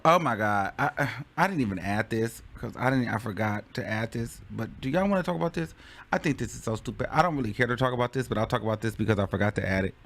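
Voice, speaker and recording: A man hosting a casual commentary show, laughing often and acting out scenes dramatically. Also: medium pitch. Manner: laughing, animated, dramatic reenactments. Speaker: host.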